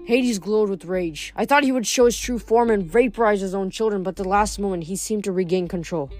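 A woman reading a novel aloud in steady storytelling, with small slips, faint music behind. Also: mid-range voice, a little fast. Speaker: reader.

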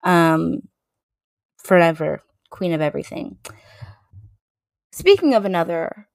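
A woman hosting a casual solo podcast, chatting in an animated, playful way with joking asides to herself. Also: fairly low pitch, slow pace, gravelly, pauses often, dry recording, studio quality. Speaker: podcast host.

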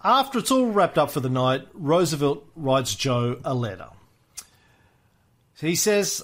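A man's voice: a little high, big pitch swings, measured pace, long pauses, a bit bright. A man co-hosting a history podcast, telling the story in a joking, casual way with lots of filler sounds. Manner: jokey storytelling with frequent "uh" fillers. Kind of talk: casual chat.

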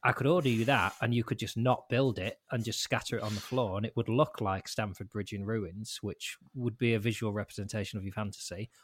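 A man co-hosting a podcast who talks with dry, deadpan humour. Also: fairly low pitch, fairly quick, hardly any pauses, husky. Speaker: podcast co-host. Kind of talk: casual chat.

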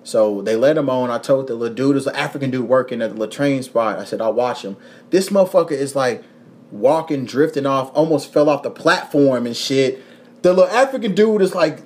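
A man's voice: medium pitch, brisk. A young man from Kentucky with a Kentucky accent, hosting a podcast and telling a rowdy story in casual chat, full of cursing and acted-out quotes. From Kentucky, USA. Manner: profane, animated storytelling with voiced quotes. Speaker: podcast host.

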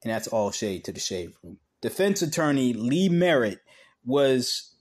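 A man reading a news article aloud in a slow, halting way, breaking off for blunt, profane asides. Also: mid-range voice, big pitch swings. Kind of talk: casual commentary reading aloud.

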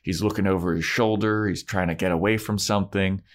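A man with a low voice talks through a TV episode on a podcast. He keeps it loose and joking, and slips into goofy voices for the characters. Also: fairly even intonation, a little fast. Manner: loose, joking, does silly voices when retelling scenes. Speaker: podcast co-host. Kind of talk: casual chat recapping a TV episode.

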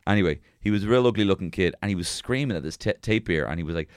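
A young Irish man co-hosting a podcast, telling rambling comedic stories full of swearing and bursts of shouted impressions. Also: on the low side, lively intonation, fast, hardly any pauses, dry recording, clean studio sound. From Ireland. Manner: rambling, swears freely, jumps into shouted character voices. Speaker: podcast co-host. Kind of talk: casual comedic chat.

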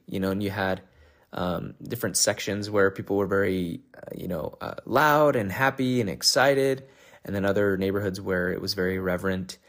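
A man hosting a podcast, talking casually and candidly in a rambling way, with many fillers and restarts. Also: low-pitched. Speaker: podcast host. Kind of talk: casual monologue recapping a race.

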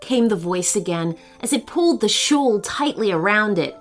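A woman narrating a children's story in a gentle, expressive reading voice. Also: mid-range voice, moderate pace, soft background music.

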